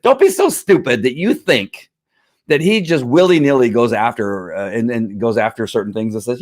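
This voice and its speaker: A man's voice: mid-range voice, expressive, moderate pace. A man hosts a live online show and talks in a heated, rambling way. He keeps restarting his sentences, stops to read out viewer comments, and pushes back hard at people who disagree with him. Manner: fired-up, talks back to critics, many restarts. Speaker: livestream host. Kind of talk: casual opinion livestream.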